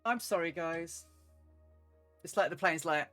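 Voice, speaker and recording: A man talks a flight-sim stream through live, chatty and rueful. He laughs off his own mishaps as he goes. His voice sits a little high for a man. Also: a little slow, fairly bright tone, faint music behind. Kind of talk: live game stream commentary.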